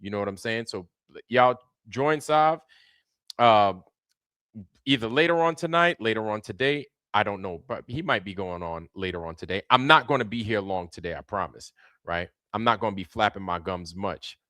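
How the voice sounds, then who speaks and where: A man's voice: on the low side, lively intonation, moderate pace, bright, forceful tone, dry recording, clean studio sound. A man hosting a casual livestream, greeting viewers by name in a loose, repetitive way with plenty of slang. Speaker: livestream host.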